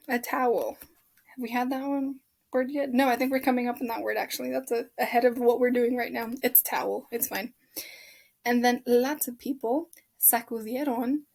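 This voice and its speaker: A woman's voice: on the high side, a little mellow. A woman teaching a Spanish lesson over a shared screen, chatty and correcting herself as she goes, often checking in with "right?".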